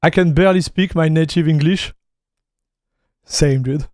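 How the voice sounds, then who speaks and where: Here the French tech streamer's voice is fairly high but darkish in tone, and he speaks at a measured pace with a French accent. Laid-back as ever, he chats casually with his stream, reading chat aloud and saying "dude" often. It's studio-quality audio with no room sound.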